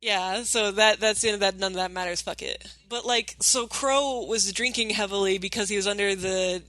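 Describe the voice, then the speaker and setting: A woman's voice: mid-range voice, steady tone, normal speed, pushed and bright, dry recording. Sarcastic woman podcast co-host. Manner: rambling, sarcastic, profane. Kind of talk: casual show review chat.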